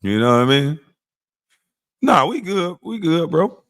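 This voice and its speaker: Roasting chat and talking trash, a livestream host smokes as he speaks on a casual stream. Heckling sends his voice high; settling down makes it slow and low.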